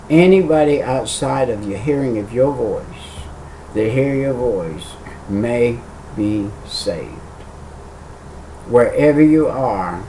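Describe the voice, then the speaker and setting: A man's voice: medium pitch, mellow, distant mic, slight background noise, low-quality recording. A middle-aged man, an evangelist, preaching a video sermon with earnest, emphatic repetition.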